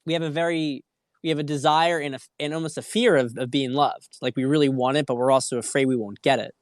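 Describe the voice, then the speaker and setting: A man in the middle pitch range talks straight to his livestream audience as a dating coach. He is earnest and a little preachy, often restarting his sentences. The sound is dry and close, with no room echo. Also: steady tone, quick pace. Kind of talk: livestream talk.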